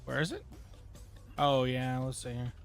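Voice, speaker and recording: A man's voice: mid-range voice, fairly even intonation, unhurried, soft background music. A man streaming a game live, chatting casually to his viewers in a rambling way, full of joking asides. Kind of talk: casual gaming stream chat.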